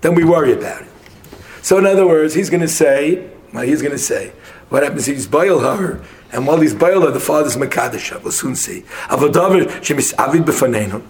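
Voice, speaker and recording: A man in a casual Talmud study session, arguing a passage quickly and mixing English with Hebrew and Aramaic terms. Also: on the high side, animated.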